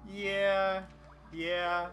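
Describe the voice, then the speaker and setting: A man's voice: sits high, little pitch movement, very slow, a bit bright, muffled recording, faint music behind. A young man co-hosting a podcast in casual chat, hesitant, often restarting his sentences with "uh". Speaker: podcast co-host.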